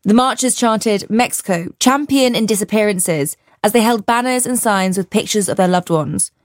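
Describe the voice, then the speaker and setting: Woman, news reporter, measured delivery, dry studio sound. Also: medium pitch, no room sound.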